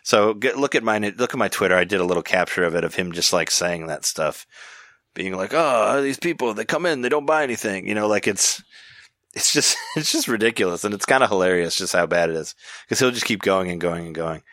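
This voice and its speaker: A man's voice: deep voice, a little fast, pushed and bright, no room sound, clean studio sound. A man hosting a podcast, chatting casually in a rambling way, with many restarts and easy laughs. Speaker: podcast host. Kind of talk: casual chat.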